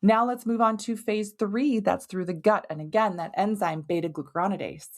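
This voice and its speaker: A woman hosting a health podcast, explaining in a conversational, animated way and leaning on everyday analogies. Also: mid-range voice, normal speed. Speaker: podcast host and hormone health doctor. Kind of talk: educational podcast monologue.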